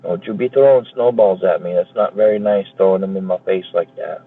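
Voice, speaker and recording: A man's voice: low voice, a little fast, husky. A man live streaming, joking and swearing casually as he chats with viewers and thanks them for gifts. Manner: profane, jokey banter with chat. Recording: tinny phone-like sound.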